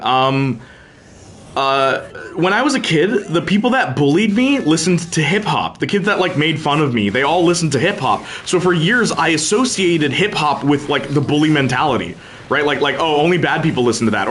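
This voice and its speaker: A man's voice: a little high, fairly bright tone, a little hiss or hum. A man streaming a game, chatting casually with his audience and friends in a rambling way full of fillers and restarts. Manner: talks to chat and friends, laughs often. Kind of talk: casual livestream chat while gaming.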